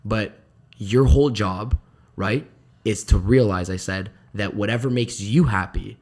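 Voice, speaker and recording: A young man as a podcast guest in casual chat, telling stories quickly and acting out what people said to him. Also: lowish voice, darkish tone. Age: young adult. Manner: fast storytelling, acts out quoted dialogue, many "I'm like".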